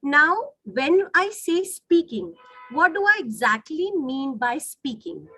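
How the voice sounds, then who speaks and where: A woman's voice: high-pitched, very animated, pushed and bright, no room sound, low-quality recording. A woman teaching phonetics in an online webinar, patiently correcting pronunciation and often checking that the class follows. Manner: patient, corrects words slowly with repeated checks. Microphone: video call.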